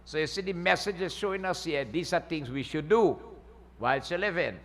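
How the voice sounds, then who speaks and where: In a temple hall with long reverb, a pundit preaches a folksy Hindu sermon and keeps asking "eh?" to check in with the crowd. His voice is fairly high, animated, brisk and a bit bright.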